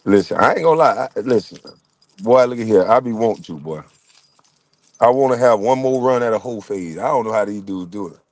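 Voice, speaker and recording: A man's voice: fairly low pitch, fairly quick, no echo. A middle-aged man telling funny, profane stories as he reacts to chat, laughing often. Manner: laughing, profane, animated storyteller. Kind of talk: casual profane storytelling.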